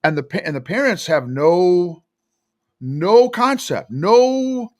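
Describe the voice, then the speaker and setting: A man's voice: high voice, takes it slowly, no room sound, studio quality. A man who coaches emotional intelligence, telling stories emphatically in a podcast interview. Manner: emphatic, animated storytelling.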